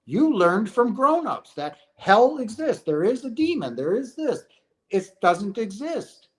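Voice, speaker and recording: A middle-aged man giving an earnest, preachy spiritual talk to his viewers, often repeating phrases and asking "right?". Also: fairly high pitch. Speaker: host of a chat stream.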